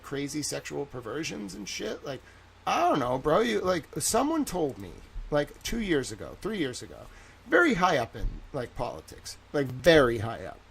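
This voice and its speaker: A young man hosting his own livestream, his voice sitting a little high for a man. He rambles freely, leans on "like" constantly, and moves between heated outbursts and low, offhand remarks. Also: vocal fry, poor audio. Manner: rambling, heavy use of "like", swings from loud indignation to quiet asides. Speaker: livestream host. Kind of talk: casual livestream commentary.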